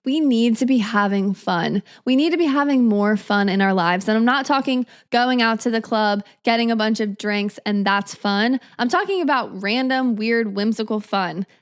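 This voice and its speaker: A woman's voice: fairly high pitch, moderate pace, few pauses, clean tone. A woman in her twenties hosting a solo podcast, talking in an upbeat, chatty way with lots of casual fillers. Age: 20s. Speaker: podcast host.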